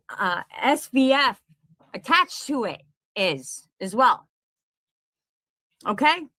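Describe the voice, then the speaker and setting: A woman's voice: a little high, sharp tone, no echo. A middle-aged woman and content creator delivering a profane, confrontational rant straight to the camera, repeating her points. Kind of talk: angry direct-to-camera rant. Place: at home in Pennsylvania.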